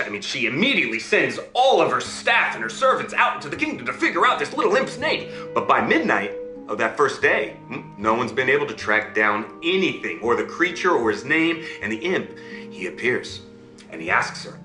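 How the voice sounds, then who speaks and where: A man telling a fairy tale to listeners in an animated way, often checking in with them as he goes. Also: medium pitch, fairly quick, roomy sound, soft background music. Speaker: storyteller.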